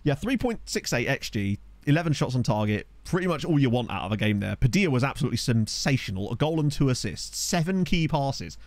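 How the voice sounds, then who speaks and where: A young man riffs over a football management game, chatting with his viewers as the match goes on. His pitch jumps all over the place when he gets excited. The sound is dry and close, like a desk microphone at home. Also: a little fast, no echo. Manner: chatty, excitable, reads chat aloud. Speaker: gaming streamer. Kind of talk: live gameplay commentary. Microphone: desk USB microphone.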